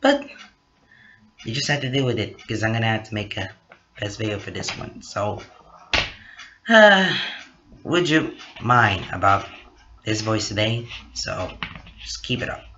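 Sick male host, reading slowly, sharp bright tone, dull lo-fi home recording. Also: on the low side, lively intonation, a little hiss or hum. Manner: slow, apologetic about his voice. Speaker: channel host reading a story. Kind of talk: casual story reading.

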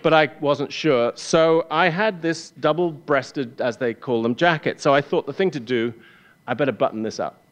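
An English man telling a wry, self-deprecating personal story on stage before a live audience, with halting restarts. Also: a little high, muffled recording. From England.

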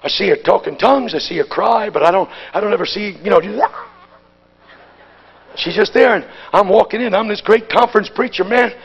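Brisk and creaky, a man's high voice delivers a Pentecostal sermon at a conference over a muffled recording. He talks in a folksy, down-to-earth way, alternating between whispered asides and loud exhortation.

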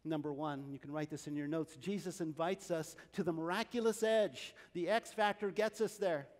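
High-voiced man preaching, animated storyteller acting out the scene, long church reverb. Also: moderate pace. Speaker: pastor. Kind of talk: sermon. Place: large church hall.

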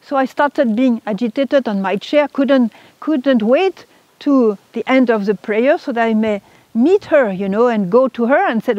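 A woman's voice: a little high, a little slow, a little mellow, dry recording. A woman, a religious sister, telling her personal testimony in an emotional, earnest way. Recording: dull lo-fi recording.

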